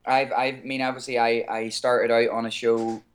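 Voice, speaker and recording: An Irish man from Ireland, calling in as a guest singer and chatting in an easygoing way, chuckling and pausing on fillers. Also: mid-range voice, little pitch movement. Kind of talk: casual call-in chat.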